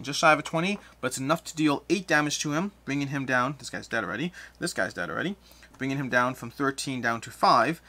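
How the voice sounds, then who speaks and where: Man with a bright, crisp voice, hosting a board game playthrough, talks through the rules as he plays. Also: mid-range voice. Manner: explanatory, thinking aloud over rules and moves. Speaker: board game player and host.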